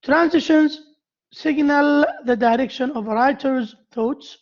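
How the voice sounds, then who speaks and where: Arabic-accented woman lecturing, slightly high voice. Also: measured pace. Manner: hesitant, repeats key phrases, asks the class questions. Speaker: university lecturer. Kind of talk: classroom lecture on essay writing. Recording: dull lo-fi lecture recording.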